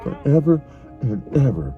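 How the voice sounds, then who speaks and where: Tearful middle-aged father, soft and emotional. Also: mid-range voice, very animated, normal speed, narrow, tinny audio, faint music behind. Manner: tearful, tender, repeating himself. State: crying. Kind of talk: emotional family conversation.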